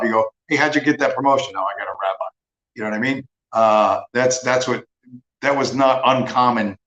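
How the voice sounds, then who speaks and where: A man's voice: mid-range voice, fairly bright tone. Guy ranting on his stream, swears a lot, mocking tone, kinda echoey room. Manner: profane, sarcastic, mocking. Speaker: livestream host. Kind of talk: casual ranting monologue.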